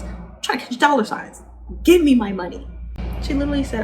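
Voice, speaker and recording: A young adult woman recapping a TV episode in a casual, slangy way, laughing often and animated. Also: mid-range voice, brisk, pauses often, slight background noise, poor audio. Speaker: vlogger reviewing a TV show.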